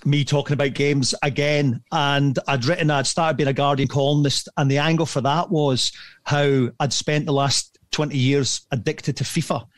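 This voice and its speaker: Guy mid-life, kinda high voice, dry close sound, telling a wild story and cracking himself up. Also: normal speed, no echo. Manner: animated storyteller, swears freely, laughs at himself. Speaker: podcast guest. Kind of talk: casual anecdote telling.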